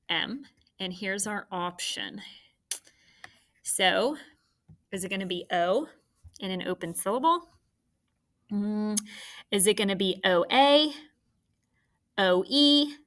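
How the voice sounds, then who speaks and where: A young woman teaches children phonics on a recorded lesson, unhurried and patient. Her voice is bright and clear, and she stretches out each sound as she models it. Her manner stays encouraging throughout. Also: mid-range voice.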